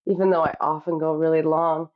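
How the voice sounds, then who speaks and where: A woman's voice: sits low, level tone, fairly quick, highs cut off. A woman cookbook author talking reflectively in a podcast interview, with many you-knows.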